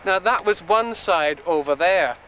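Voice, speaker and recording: An Englishman doing a bumbling Scottish tour guide who rambles through history with mock earnestness, his voice pitched high. He stands out on an open moor, caught on a camcorder mic with steady outdoor noise behind him. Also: measured pace. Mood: mock-earnest. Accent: put-on Scottish. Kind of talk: comic mock history lecture. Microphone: handheld camcorder mic. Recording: noisy outdoor camcorder audio.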